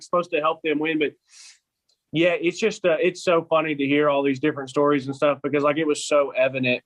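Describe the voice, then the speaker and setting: A man's voice: fairly high pitch, poor audio. Young man, casual filler-heavy talk. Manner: loose, filler-heavy, agreeable. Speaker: podcast co-host. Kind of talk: casual chat.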